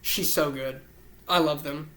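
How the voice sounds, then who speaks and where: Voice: medium pitch, steady tone, a little slow, bright, forceful tone, roomy sound. A vlog host rambling casually to camera, gushing and swearing a lot, sounding tired. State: tired, yawning. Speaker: YouTube host. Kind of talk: casual ranking chat to camera.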